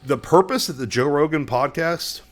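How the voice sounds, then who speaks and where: A man's voice: fairly high pitch, normal speed. A man co-hosting a podcast in casual chat, rambling through his points and swearing freely. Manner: rambling, restarts often. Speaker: podcast co-host.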